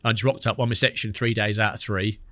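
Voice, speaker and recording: A man, a podcast guest telling lively stories in casual chat, acting out what others said. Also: on the low side, no room sound. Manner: fast, animated storytelling with quoted dialogue.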